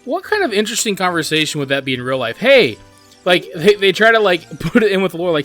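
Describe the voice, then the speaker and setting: A man's voice: high voice, sing-song, quick pace, a bit bright. A man hosting a gaming channel, talking through his gameplay in an earnest, rambling way, with many "like" and "you know" fillers. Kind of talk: casual gameplay commentary. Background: faint game music.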